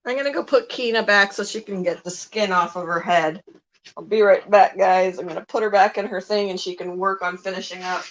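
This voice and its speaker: A woman's voice: mid-range voice, a little fast, lo-fi sound. A woman hosting a pet channel, chatting to her birds in a coaxing, sing-song way and laughing often. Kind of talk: casual talk to pet birds.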